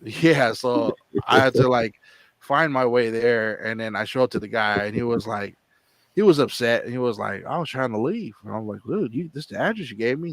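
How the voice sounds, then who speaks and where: A man's voice: mid-range voice, dry recording. A man hosting his own channel, telling a long rambling story in casual chat, repeating words and acting out what people said. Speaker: channel host.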